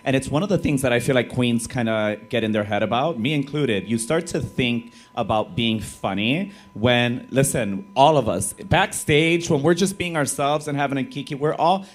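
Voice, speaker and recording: A man's voice: mid-range voice, normal speed, hardly any pauses. A man hosting a drag viewing party, chatting casually and playfully, moving the talk along. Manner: animated, playful, steering the talk. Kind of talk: casual chat.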